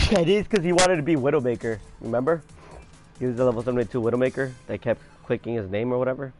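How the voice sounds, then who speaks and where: A young man chatting casually while gaming, excitable and cursing, jumping from yelling to muttering. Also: medium pitch, quick pace, music in the background. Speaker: gaming channel host. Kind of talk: casual gameplay chat.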